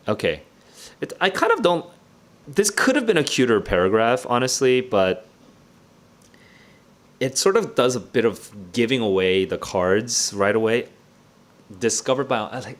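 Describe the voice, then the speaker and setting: A man hosting a book club livestream, reacting out loud as he reads. He talks casually, full of fillers, restarts and the odd swear word. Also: medium pitch, very animated, moderate pace. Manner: thinks aloud, casual and digressive, with frequent fillers and restarts.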